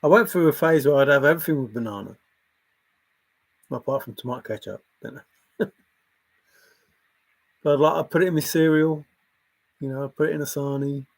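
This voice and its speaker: A man's voice: on the high side, fairly quick, gravelly, pauses often. A man hosting a livestream, chatting casually, laughing often and drifting from topic to topic as he reads the chat. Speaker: livestream host reading chat.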